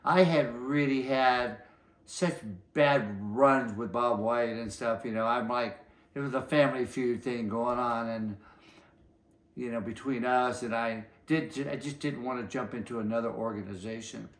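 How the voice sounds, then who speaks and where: A man's voice: mid-range voice, steady tone, a little slow. An older man, a martial arts master, casually telling long anecdotes in an interview and acting out other people's lines as he goes. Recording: roomy echo.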